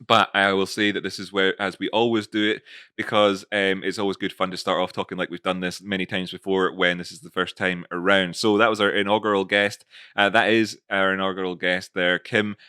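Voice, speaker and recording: Bright-voiced playful male host. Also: deep voice, level tone, a little fast, smooth, no room sound, studio quality. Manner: playful, laughs often. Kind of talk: casual chat.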